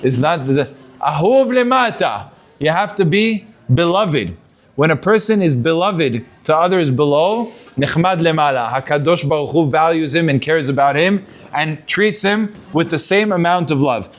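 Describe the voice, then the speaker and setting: A man, a rabbi, giving a sermon to students. He tells a story in an animated way and mixes in Hebrew terms. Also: on the high side, moderate pace.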